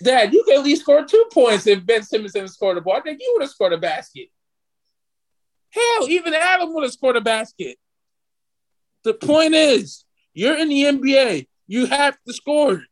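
Excitable high-voiced young man ranting. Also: moderate pace. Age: 20s. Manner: excitable, ranting, swears freely. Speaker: podcast host. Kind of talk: casual sports chat.

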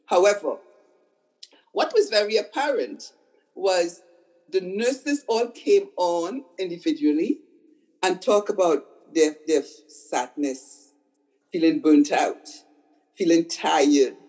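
A woman's voice: lowish voice, slow, pauses often, darkish tone, low-quality recording. Older woman therapist recounting with emphatic repeats. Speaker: psychotherapist guest. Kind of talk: conversational storytelling.

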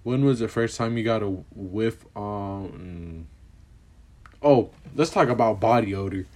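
A man's voice: fairly low pitch, measured pace, darkish tone. A young man chatting casually on a vlog, answering questions in a slangy, profane, rambling way, and saying he is putting on an accent. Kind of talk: casual chat.

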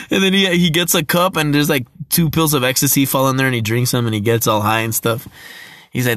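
A man's voice: mid-range voice, fairly even intonation, brisk, a bit bright. Rambling young man chatting on his phone. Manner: rambling, laughs a lot, swears casually. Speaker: vlogger. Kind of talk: casual movie chat.

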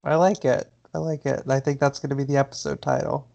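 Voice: mid-range voice, level tone, fast, gravelly, mellow, lo-fi sound. A podcast co-host in casual chat, tossing in dry, joking comments. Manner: dry wisecracking interjections.

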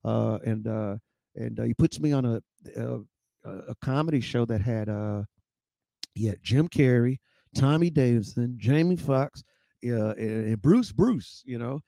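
A middle-aged man, a stand-up comedian, telling stories with lively impressions and laughter in a casual interview. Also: unhurried, vocal fry, dry recording. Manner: acts out voices with high-pitched impressions and laughs. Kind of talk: animated storytelling.

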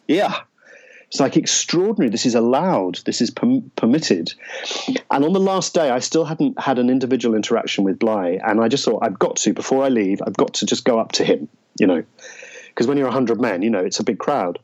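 A man, an interview guest, telling a personal story in a reflective, halting way with frequent restarts. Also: mid-range voice, animated, darkish tone, breathy edge, muffled recording. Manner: halting, searching for words, many restarts.

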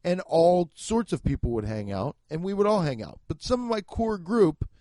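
A young man in his twenties or thirties, a comedian rambling through a profane, animated monologue with bursts of shouting. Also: high-pitched, normal speed, no room sound. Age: 20s to 30s.

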